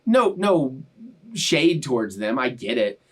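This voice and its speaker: A man's voice: mid-range voice, big pitch swings, slow, a bit bright. A young man talking to his viewers in a casual, heartfelt, emotional way, rambling and restarting his sentences. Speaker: YouTube reaction channel host. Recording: voice a bit far from the mic.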